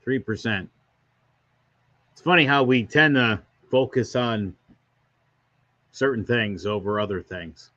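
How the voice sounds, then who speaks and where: A man co-hosting a talk podcast, calmly putting in dry counterpoints. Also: lowish voice, slow, long pauses. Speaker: podcast co-host. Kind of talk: political talk. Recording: dull lo-fi sound.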